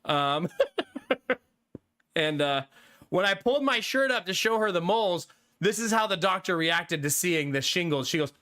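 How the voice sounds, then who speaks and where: A male streamer with a high, bright voice chats loosely with his live viewers. He keeps things easygoing and breaks into laughter often. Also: animated, measured pace. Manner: laid-back and chatty, laughing often. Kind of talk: casual chat with live viewers.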